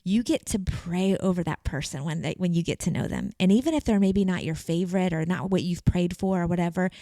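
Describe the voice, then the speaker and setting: Middle-aged woman podcast co-host, earnest and gentle, slightly low voice, dry close sound. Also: creaky, no echo. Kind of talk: casual conversation.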